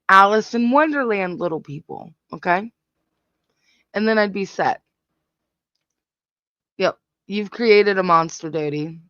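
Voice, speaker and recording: A woman's voice: medium pitch, fairly bright tone, dry recording. A woman hosting a casual reaction chat, giggly, profane and exclamatory. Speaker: host reacting to clips. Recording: dull, dry lo-fi sound.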